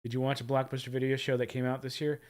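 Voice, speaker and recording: A man's voice: medium pitch, monotone, fast talker, darkish tone. A man hosting a livestream and chatting casually as he reacts to videos. He rambles, chuckles and trips over his words. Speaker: livestream host.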